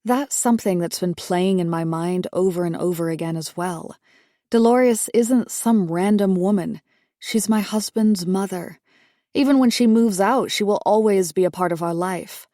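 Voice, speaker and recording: A woman reading a suspense novel aloud in first person, measured and introspective. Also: medium pitch, mellow, no room sound, clean studio sound. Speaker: audiobook narrator. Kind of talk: first-person audiobook narration.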